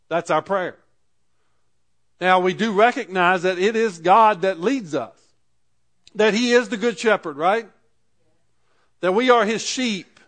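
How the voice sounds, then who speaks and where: A man's voice: high-pitched, unhurried, a bit bright. A pastor preaching a sermon, reading scripture aloud and then driving his points home with rising emphasis.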